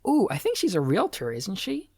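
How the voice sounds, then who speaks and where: A man's voice: high-pitched, wildly swooping pitch, normal speed, darkish tone, breathy edge, no echo. A man co-hosting a casual podcast, chatty and laughing often, with a lot of filler words. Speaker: podcast co-host. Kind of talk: casual podcast chat and read-along.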